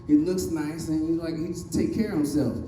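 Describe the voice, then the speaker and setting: A man's voice: a little high, steady tone, fairly quick, warm tone, echoey room, recorded from a distance, slight background noise. Southern man doing loose stand-up. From Virginia, USA. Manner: loose, rambling delivery with many fillers, acting out other people's voices. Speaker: stand-up comedian. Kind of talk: stand-up comedy set.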